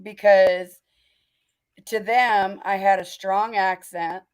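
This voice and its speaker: A woman's voice: mid-range voice, steady tone, takes it slowly, smooth. A woman from North Dakota with a mix of North Dakota and Southern US accent, hosting a casual livestream chat, chatty and laughing often between fillers. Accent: mixed North Dakota and Southern US. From North Dakota, USA. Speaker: livestream host.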